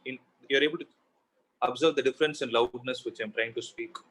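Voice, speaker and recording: A man's voice: mid-range voice, fairly even intonation, a little fast, fairly bright tone, husky, poor audio. A man teaching a physics class, explaining step by step and asking himself questions as he goes. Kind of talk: classroom lecture.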